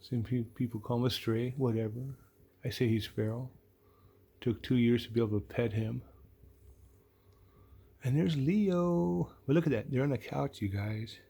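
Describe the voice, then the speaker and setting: A man filming a home vlog, talking softly and fondly to his cats in baby talk, sometimes whispering, in his living room. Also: medium pitch, steady tone, fairly quick, creaky, breathy edge. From US Pacific Northwest. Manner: soft baby talk to pets, drops to whispers. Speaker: cat channel host.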